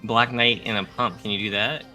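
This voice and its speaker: Male co-host, bright timbre, relaxed casual delivery that trails off. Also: lowish voice, normal speed, faint music behind. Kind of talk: casual chat.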